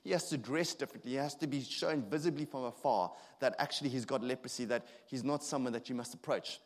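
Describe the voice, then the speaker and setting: A man in his thirties delivering a sermon in an earnest, halting way, often restarting his sentences. His voice sits at an ordinary pitch for a man. The sound rings with a long hall reverb. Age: 30s. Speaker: preacher.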